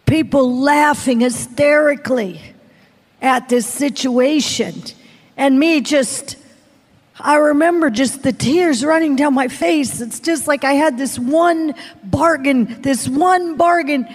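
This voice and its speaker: A woman with a high voice preaches her testimony slowly and theatrically, shouting some lines and whispering others as she acts out the scene. Her voice rings with the long reverb of a large hall. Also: breathy edge. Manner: dramatic storytelling, acting out voices, shouting and whispering by turns. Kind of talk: testimony sermon. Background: audience.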